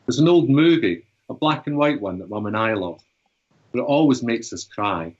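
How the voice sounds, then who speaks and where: Gentle storybook father, warm and fond , read by a man, husky, lo-fi. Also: medium pitch, animated, normal speed, close to an everyday voice. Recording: dull lo-fi recording.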